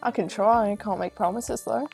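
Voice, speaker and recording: A woman's voice: mid-range voice, moderate pace, gravelly, a little mellow, faint music behind. A woman streamer giving joking, teasing and crude commentary while playing a game. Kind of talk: casual gameplay commentary.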